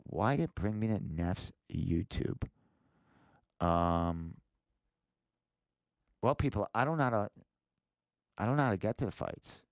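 A man's voice: on the low side, animated, a little slow, creaky, long pauses, no echo, clean studio sound. A man hosting a podcast, casually walking viewers through a website while thinking aloud, full of fillers and frequent swearing. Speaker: podcast host. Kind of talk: casual livestream screen walkthrough.

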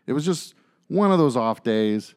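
A man in his thirties, a podcast co-host, telling a story in casual chat, ranting and swearing with animated energy. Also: mid-range voice, moderate pace, clean tone.

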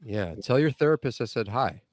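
Animated, foul-mouthed man co-hosting. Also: medium pitch, fairly quick, a little hiss or hum. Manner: profane, animated, mocking. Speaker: podcast co-host. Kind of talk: casual chat.

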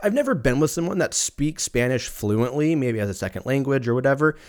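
A man's voice: mid-range voice, big pitch swings, a little fast. A man hosting a casual solo podcast, rambling off on tangents, swearing freely and laughing at his own jokes. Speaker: podcast host.

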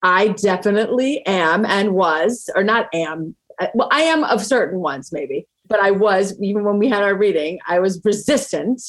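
A woman's voice: medium pitch, animated, normal speed, hardly any pauses. Friendly woman interview host. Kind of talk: casual interview chat.

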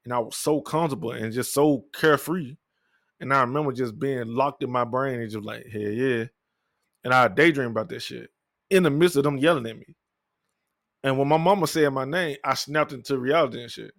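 A man's voice: medium pitch, brisk, fairly bright tone, dry recording. Young guy spilling his story, cussing, rambling, dead dry recording. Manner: candid, profane, rambling with restarts. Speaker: podcaster telling his life story. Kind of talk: personal storytelling monologue.

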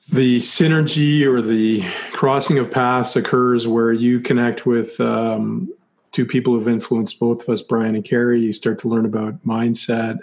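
A man hosting an interview, asking long questions with many ums and restarts. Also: mid-range voice. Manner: searching, halting questions with ums and repeats. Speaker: podcast host.

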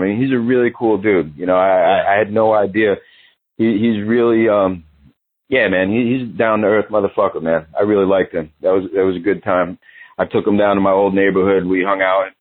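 A man, guest in a casual interview, laid-back and swearing freely. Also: low-pitched. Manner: laid-back, profane, loose storytelling. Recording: phone-line radio sound.

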